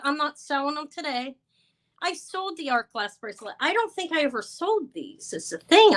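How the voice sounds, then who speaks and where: A woman's voice: high voice, big pitch swings, normal speed, low-quality recording. A tired, stressed woman hosting a live jewelry sale, talking in a flustered, apologetic way with many stumbling restarts. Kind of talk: live-stream sales chat.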